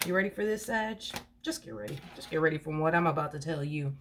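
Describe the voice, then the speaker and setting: A woman's voice: sits low, quick pace, fairly bright tone. A woman giving a casual tarot reading, chatty and emphatic, repeating points and calling the listener honey. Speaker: tarot reader.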